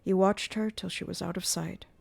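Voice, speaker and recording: A woman's voice: lowish voice, steady tone, normal speed, vocal fry, breathy edge, no room sound. Woman reading a classic novel aloud. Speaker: audiobook reader. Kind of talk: live audiobook narration.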